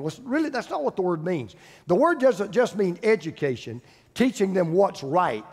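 A man's voice: high voice, sing-song, moderate pace. An older man preaching a sermon as pastor, emphatic, repeating phrases for stress. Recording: long hall reverb.

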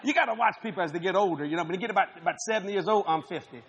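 A male pastor telling a humorous story in a sermon, animated and laughing often as he acts out voices. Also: sits high, very fast, lo-fi sound. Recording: noisy live recording.

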